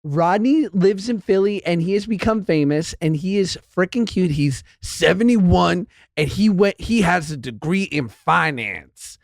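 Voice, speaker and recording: High-voiced man, chatty podcast host. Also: animated, measured pace, gravelly, hardly any pauses, no room sound, studio quality. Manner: chatty storyteller, laughs often. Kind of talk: casual chat.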